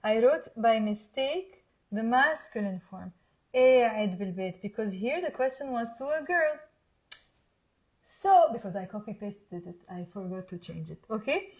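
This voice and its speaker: During a live online Arabic class, a young woman with a Lebanese accent quizzes her listeners and slowly repeats words in an expressive, slightly high voice.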